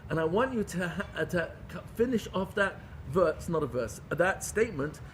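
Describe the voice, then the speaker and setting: Rabbi, middle-aged man, high-pitched, emphatic and repetitive, lecturing. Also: expressive, moderate pace, a little hiss or hum. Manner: emphatic, repeats phrases for stress, rhetorical questions. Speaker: rabbi teaching a class. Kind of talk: lively Torah lecture.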